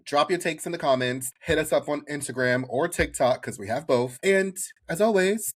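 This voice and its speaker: A man co-hosting a podcast, giving blunt opinions in an animated, casual way. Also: fairly high pitch, normal speed. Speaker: podcast co-host. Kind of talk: casual chat.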